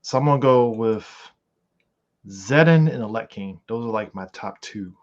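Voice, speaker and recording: Animated, profane man on a podcast. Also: on the low side, moderate pace. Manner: animated, profane, rambling with frequent fillers. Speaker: podcast co-host. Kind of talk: casual chat. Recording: slightly muffled lo-fi audio.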